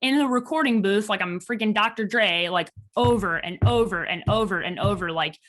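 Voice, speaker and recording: A woman in her thirties from Chicago, with a slight Chicago accent and a mid-range voice, tells stories as a guest in a casual interview. She talks in an animated way and quotes people in lively voices. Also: mid-range voice, normal speed. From Chicago, USA. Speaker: podcast guest.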